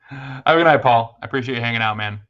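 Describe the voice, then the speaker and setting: A man's voice: mid-range voice, a little fast, lo-fi sound. A man hosting a casual late-night livestream, chatting with viewers and thanking them, with lots of fillers and restarts. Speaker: livestream host.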